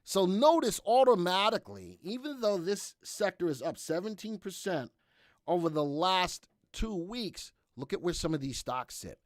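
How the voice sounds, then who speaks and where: A man's voice: high voice, sing-song, normal speed, dry recording, studio quality. A man hosting a live stock market analysis webcast, reading charts with exuberant, folksy exclamations and talking straight to his viewers. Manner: talks straight to viewers, asking for chat replies.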